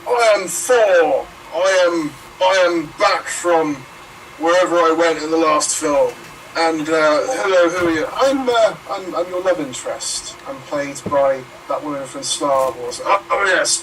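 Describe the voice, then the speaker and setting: A man voicing a brash heroic thunder god in an improv sketch, loud and hammy. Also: fairly high pitch, a little slow, distant mic, noisy background, lightly acted.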